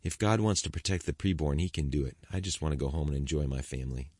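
A man's voice: rumbling low, fast, darkish tone, dry recording. Brief: man reading as worn-down male activist, scripture-quoting, dry close read. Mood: weary. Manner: quotes scripture, pleading then tired. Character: frustrated, weary male Christian activist.

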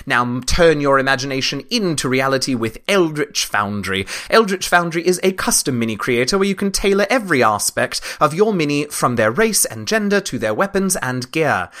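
Higher-voiced male host, put-on British accent, playful and self-mocking, reading the ad break. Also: fairly bright tone. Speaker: dungeon master and podcast host. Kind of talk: mid-show podcast announcements.

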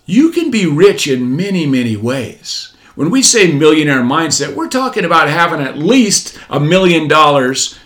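Motivational speaker, male, forties; fairly high voice, preachy, leans on repeated lines and rhetorical questions. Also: sing-song, normal speed, few pauses, a bit bright. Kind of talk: motivational talk.

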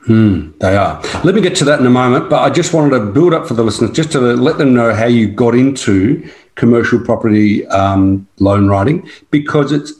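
A man hosting an interview, a mortgage broker himself, encouraging his guest with quick short acknowledgements. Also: medium pitch, a little mellow. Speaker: podcast host, mortgage broker. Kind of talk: interview chat.

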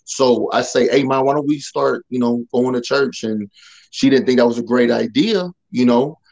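A man who talks loud by nature, a podcast guest telling a personal testimony in casual slang and acting out the dialogue. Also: medium pitch, normal speed, creaky, dull audio. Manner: loud, animated, acts out quoted dialogue.

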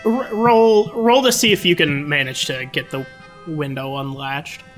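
A woman's voice: deep voice, measured pace, soft background music. A woman playing a tabletop game in casual chat, easy and laughing. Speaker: tabletop player. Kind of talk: casual role-play chat.

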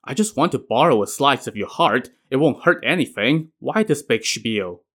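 A cruel, careless tyrant king, as a male storyteller puts him on. He waves things away in an offhand, dismissive manner, in a mid-pitched voice. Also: lively intonation, normal speed, a bit bright.

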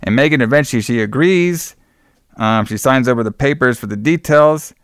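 A man's voice: mid-range voice, moderate pace, fairly bright tone, clean tone, dry recording, studio quality. A man casually recapping a horror movie as podcast co-host, rambling, swearing and laughing often.

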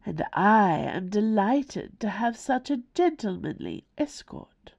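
Elegant formal lady official, read by a woman, gravelly, lively. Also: medium pitch, takes it slowly, pitched above the performer's own voice, exaggerated voice. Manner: refined and formal.

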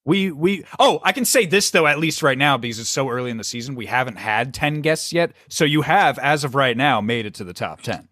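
Podcast host dude rambling and cussing, dry close mic. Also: male voice, medium pitch, expressive, fairly quick, few pauses, sharp tone, no room sound. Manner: rambling, crude, laughs often. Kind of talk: casual podcast chat.

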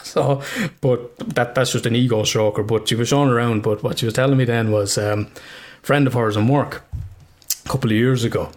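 A middle-aged Irish man chatting on a podcast, full of laughter and loose, casual swearing. He tells stories with animated energy at an average pitch. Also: a little fast. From Ireland. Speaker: podcast co-host. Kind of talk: casual chat.

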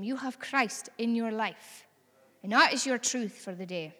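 A Scottish woman preaches with a fairly high voice, chatty and earnest by turns, pushing toward bold exhortation. Her words ring out in a long reverberant hall. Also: unhurried, pushed and bright. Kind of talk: sermon.

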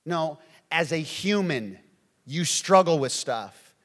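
Animated man preaching in a reverberant hall. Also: a little high, slow pace. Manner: animated, swings from hushed to shouting, acts out quotes. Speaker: pastor. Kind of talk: sermon.

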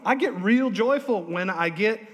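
A male pastor preaching a lively, humorous sermon in a church, drawing responses from the congregation. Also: sits high, unhurried, slight background noise. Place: church sanctuary. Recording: long hall reverb.

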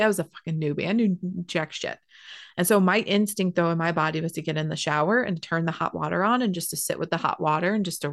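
A woman with a drawl tells a personal story at a lively clip. Her voice sits a little low, and she swears freely, laughs often and jumps up in pitch when she quotes other people. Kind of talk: casual storytelling.

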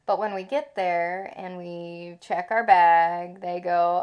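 A woman vlogging about travel in casual chat, retelling events with animated swearing. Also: on the low side, slow, clear, resonant tone, dull audio.

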